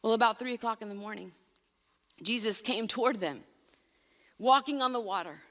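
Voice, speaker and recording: A woman's voice: fairly high pitch, moderate pace, fairly bright tone, big-room sound. A woman pastor giving a sermon, speaking emphatically and addressing her listeners directly. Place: church sanctuary.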